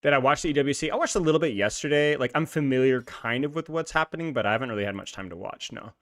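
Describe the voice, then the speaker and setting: A man's voice: medium pitch, fast talker, a bit bright. A man streaming, chatting casually with viewers while gaming, laughing often and using lots of filler words. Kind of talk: casual live-stream chat.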